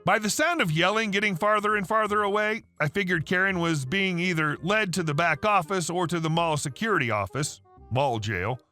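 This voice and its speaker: A man narrating a workplace story from a written online post in a lively, expressive way. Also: high voice, moderate pace, few pauses, soft background music. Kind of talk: scripted narration of a reddit story.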